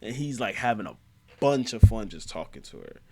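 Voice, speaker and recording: A young man giving a casual manga review, excitable and slangy, often laughing as he recaps the plot. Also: on the low side, fairly quick.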